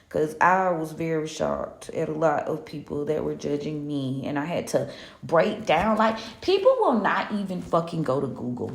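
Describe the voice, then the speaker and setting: A woman's voice: sits low, lively intonation, a little slow, gravelly, roomy sound. A woman hosting a live spiritual reading, ranting casually in a sassy, profane way and laughing often. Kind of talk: casual live-stream rant.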